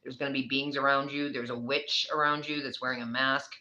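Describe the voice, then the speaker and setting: Bright-voiced New York tarot reader. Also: mid-range voice, level tone, brisk, dull audio. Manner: rambling, chatty, swears casually. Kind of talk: casual tarot reading to a viewer.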